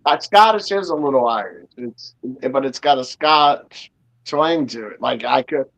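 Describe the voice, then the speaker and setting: A man's voice: mid-range voice, expressive, a little slow, creaky, fairly bright tone, poor audio. A man co-hosting a casual chat in easygoing, self-deprecating banter.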